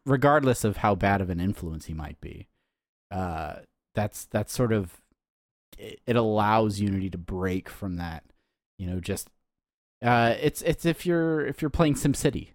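Casting: male podcast co-host, lowish voice, hesitant and reflective, dry recording. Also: lively intonation, no echo. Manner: halting, many restarts and fillers, thoughtful. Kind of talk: casual chat.

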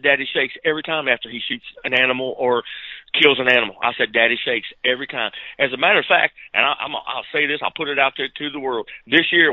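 A man co-hosting a podcast, telling a hunting story in a lively, animated way and acting out the dialogue. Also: mid-range voice, no room sound, narrow, tinny audio. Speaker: podcast co-host. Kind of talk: casual storytelling.

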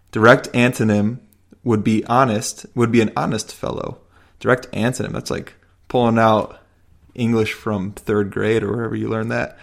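A man hosting a casual podcast, laid-back and quick to laugh, often repeating his words. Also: fairly low pitch, steady tone, gravelly. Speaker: podcast host. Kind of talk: casual podcast chat and outro.

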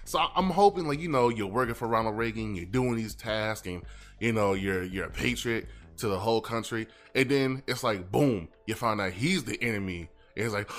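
A man's voice: lowish voice, fairly quick, faint music behind. A man co-hosting a casual podcast, swearing freely and acting out voices as he talks. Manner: animated, swearing, acts out voices. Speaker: podcast co-host.

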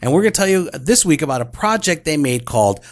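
A man's voice: on the high side, expressive, quick pace. A man co-hosting a casual podcast, chatty and prone to "uh" and "right?", who likes to rib his partner. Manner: conversational, fills with "uh" and "right?", ribs his co-host. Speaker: podcast co-host. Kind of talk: casual discussion and host-read sponsor segment.

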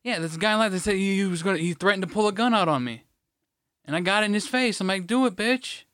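A man's voice: high-pitched, fast talker, a bit bright, clear, resonant tone, dry recording, studio quality. A man co-hosting a podcast, telling stories in a profane, ranting way. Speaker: podcast co-host. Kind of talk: casual chat.

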